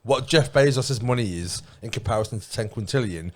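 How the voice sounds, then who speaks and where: A man's voice: mid-range voice, fairly quick, a little mellow. A man co-hosting a podcast in casual chat, bantering bluntly and swearing. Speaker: podcast co-host.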